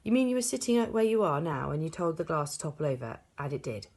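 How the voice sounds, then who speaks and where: A woman voicing a kind young schoolteacher who speaks gently and patiently in a storybook reading. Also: low-pitched, sing-song, fast talker, full character voice. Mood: gentle.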